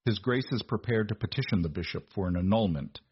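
A man's voice: fairly low pitch, expressive, fairly quick, husky, no echo, dull audio. A man voicing a sneering, pompous lawyer. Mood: condescending. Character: condescending male lawyer, cold and pompous.

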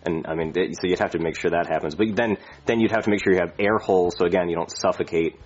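A man's voice: low voice, fairly even intonation, fast, breathy edge, highs cut off. A man voicing a reckless, crude male airline pilot who rambles, boasts and swears a lot.

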